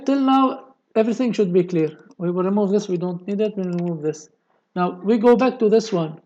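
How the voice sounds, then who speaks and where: A man's voice: high voice, warm tone, poor audio. A man with a delivery, explaining a technical drawing step by step in a screen-recorded tutorial. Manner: slow, step-by-step explaining with many okays. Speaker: engineering tutorial presenter.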